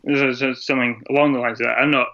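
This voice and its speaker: Flat-voiced Scottish-born man, hesitant. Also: mid-range voice, fast. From Scotland. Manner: rambling, hesitant, laughs often. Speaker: podcast guest, drummer. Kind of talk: casual interview chat. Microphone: video call. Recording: dull lo-fi internet call audio.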